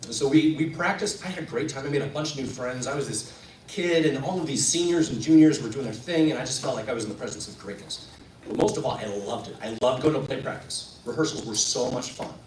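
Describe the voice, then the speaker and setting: A man's voice: mid-range voice, fast, slight background noise. A man telling a personal story live on stage, acting out the people in it. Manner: animated, acts out the people in his story. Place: event room at a coffee house performance. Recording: roomy room, voice from a distance, faint ambience.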